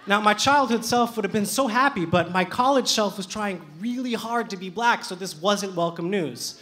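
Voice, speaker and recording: A young man with a noticeably high voice tells a true personal story live onstage. He speaks with lively, animated delivery and sharp comic timing. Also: normal speed, a little hiss or hum. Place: theater stage with audience.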